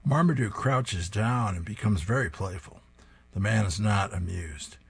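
Fairly low in pitch, slightly rough and touched with vocal fry, this man's voice moves at a measured pace. He narrates comic strips aloud for a reading-service program he hosts, chuckling at each joke.

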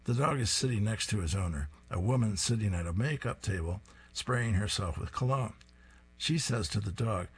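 A man with a low, slightly husky voice reads comic strips aloud for radio, close to a studio microphone. He gives each panel in an easy storytelling way and chuckles at the punchlines. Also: expressive, moderate pace. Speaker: radio reading-service host.

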